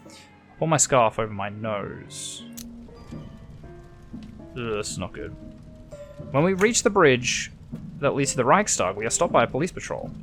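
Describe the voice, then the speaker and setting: A man's voice: mid-range voice, big pitch swings, measured pace, pauses often, a bit bright, faint music behind. An Australian man hosting a let's play, chatting casually and thinking aloud while reading the game's text.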